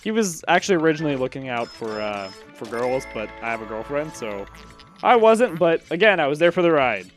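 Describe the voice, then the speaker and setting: Brief 18-year-old male let's-play host, slightly high voice, rambling chatty commentary, faint game music under it. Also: fairly quick. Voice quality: lively, rambling, many fillers and restarts. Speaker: gaming channel host.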